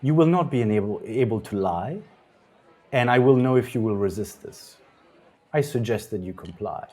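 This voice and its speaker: Casting: man playing a stern sheriff, low-pitched, measured and commanding, tabletop game. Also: warm tone, close to an everyday voice. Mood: formal. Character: stern formal male town sheriff.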